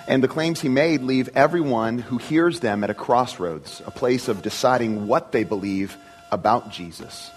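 A man's voice: medium pitch, poor audio. A man preaching a sermon in an earnest, emphatic way, often repeating and restarting words.

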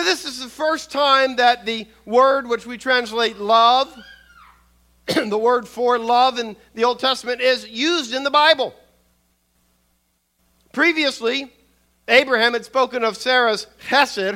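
Older man, preacher, sermon, high voice, bright tone, measured delivery, frequent restarts. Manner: measured, with repeated restarts and soft asides.

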